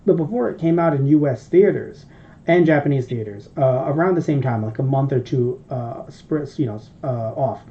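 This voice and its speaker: A man's voice: mid-range voice, lively intonation, normal speed, a little hiss or hum. A man co-hosting a podcast, telling a long, rambling, profane story in casual chat. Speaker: podcast co-host. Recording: dull lo-fi podcast audio.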